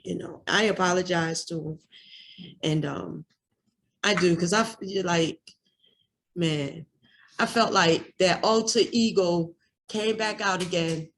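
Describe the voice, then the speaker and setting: A woman's voice: on the low side, slow, pauses often. A woman giving an emotional personal share at a recovery workshop, raw and candid, cursing freely and repeating herself.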